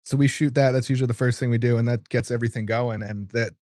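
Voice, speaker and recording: A man's voice: medium pitch, steady tone, a little mellow, no room sound, studio quality. A man, a podcast co-host, chatting casually and with enthusiasm on a podcast mic. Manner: enthusiastic, quick, loose phrasing. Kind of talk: casual chat.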